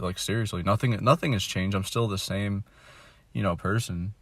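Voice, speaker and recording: A dejected young man venting in a candid monologue, mumbling and swearing, trailing off into quiet asides. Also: flat delivery, brisk, no room sound. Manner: mumbling, trailing off, heavy swearing, mocks others in a high voice.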